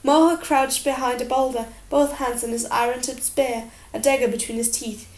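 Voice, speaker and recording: A woman narrating an audiobook in a steady, expressive storytelling manner. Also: high voice, normal speed, a little hiss or hum. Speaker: audiobook reader. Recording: roomy echo.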